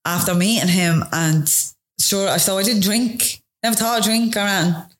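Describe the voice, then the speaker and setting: A young woman with a Dublin accent, telling her story in a chatty, casual way with quick, laughing asides. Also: mid-range voice, steady tone. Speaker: interview guest.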